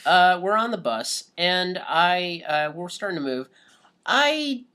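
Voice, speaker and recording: A man co-hosting a podcast, telling a travel story in a casual, halting way with many fillers and restarts. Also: sits high, sing-song, bright, forceful tone, slight background noise. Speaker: podcast co-host.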